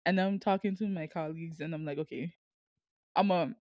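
A woman's voice: sits low, brisk, no echo, lo-fi sound. Young woman with a Saint Martin accent. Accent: Saint Martin Caribbean. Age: young adult. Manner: laughs often, tells stories with quoted voices. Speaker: guest, student. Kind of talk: casual chat.

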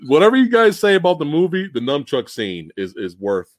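A young man hosting a casual movie review livestream, excitedly acting out scenes, laughing and swearing as he talks. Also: a little high, fairly quick, no room sound, studio quality. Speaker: host of a movie review stream. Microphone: home streaming setup with camera.

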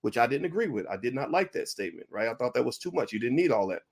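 A middle-aged man hosts a commentary podcast in a mocking, animated way. His voice sits at an ordinary middle pitch. He sometimes jumps up into a high wailing imitation of a crying baby. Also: fast talker, slightly rough. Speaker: podcast host. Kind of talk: commentary monologue.

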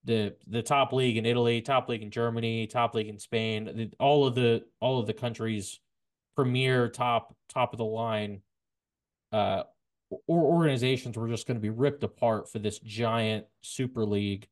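Halting, excitable man on a sports podcast. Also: mid-range voice. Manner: halting, repeats words, bursts of excitement. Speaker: podcast host. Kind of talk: casual sports talk.

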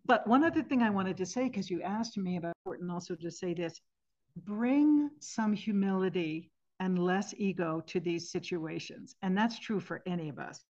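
A woman in her sixties, a podcast guest, telling stories about singing at the end of life in a thoughtful, earnest way with gentle restarts. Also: on the low side, normal speed. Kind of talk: reflective interview storytelling. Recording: slightly muffled podcast audio.

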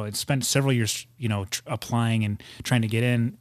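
A man's voice: mid-range voice, brisk, hardly any pauses, dry recording. A man from the United States, a guest on a studio podcast, telling stories in casual chat with lots of restarts. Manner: rambling storyteller with many restarts.

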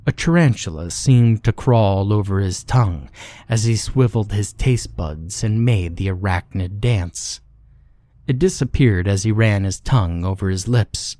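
A man narrating a scary story in a measured, steady delivery. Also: on the low side, dry recording. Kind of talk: scripted horror story narration.

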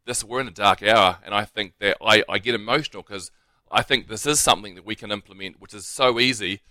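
Brief: New Zealand male guest, earnest and heartfelt, low pitch, sharp tone, dry sound. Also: fairly quick, no room sound. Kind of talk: radio interview.

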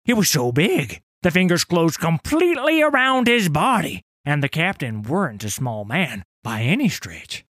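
An actor playing a grizzled, boastful old sailor telling a tale in a tavern, in rough dockside dialect that drops to whispers and rises to roars. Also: male voice, on the high side, big pitch swings, normal speed, hardly any pauses, fairly bright tone, no echo, studio quality. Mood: spinning yarn. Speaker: tavern storyteller. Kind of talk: dramatic audio story narration.

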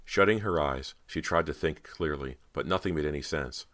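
A man reading a horror audiobook in steady, dramatic scripted narration. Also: very deep voice, moderate pace.

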